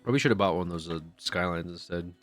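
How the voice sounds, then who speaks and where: A man's voice: sits low, very fast, a bit bright, faint music behind. A man streaming live, chatting casually and rambling with profane jokes to his chat.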